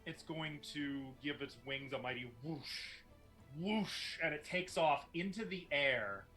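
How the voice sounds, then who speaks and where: A man's voice: on the high side, expressive, slow, bright, forceful tone, soft background music. A man running a tabletop game as game master, narrating with playful teasing.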